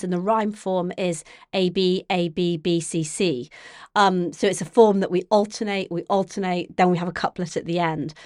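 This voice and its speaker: A woman literature professor, answering an interviewer in a thoughtful, explanatory way, often pausing and restarting her sentences. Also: medium pitch, dry recording, studio quality. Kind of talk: academic interview.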